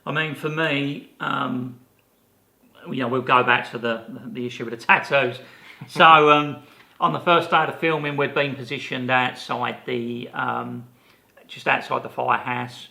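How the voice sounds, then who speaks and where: A man in his fifties, a podcast co-host, telling a lively anecdote in casual chat and acting out the people he quotes. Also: medium pitch, measured pace, vocal fry.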